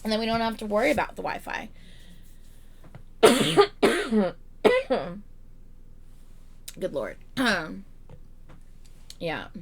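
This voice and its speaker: A woman's voice: medium pitch, sing-song, very slow, vocal fry, long pauses. A young woman streaming from home in casual chat, swearing freely and ranting in a rambling, exasperated way.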